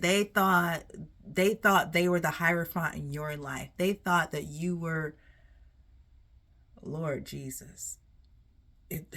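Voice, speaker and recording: A woman doing a casual tarot reading for viewers, animated and laughing often, swearing freely. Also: fairly low pitch. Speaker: tarot reader.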